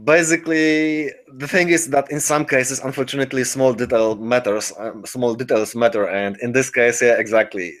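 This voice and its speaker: Measured man co-hosting a voice chat. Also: mid-range voice, fairly even intonation. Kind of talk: casual chat on a voice call.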